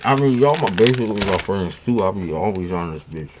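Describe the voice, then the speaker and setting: Deep-voiced laid-back man snacking on stream. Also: expressive, a little fast, background noise. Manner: slangy, laid-back, chats while eating snacks. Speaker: tarot reader streaming live. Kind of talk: casual livestream chat. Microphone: new studio mic.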